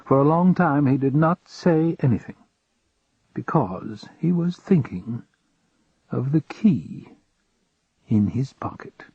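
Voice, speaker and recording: Casting: calm male storyteller, husky, dry dull lo-fi recording. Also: medium pitch, takes it slowly, long pauses, dry recording. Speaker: audiobook narrator. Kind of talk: audiobook narration.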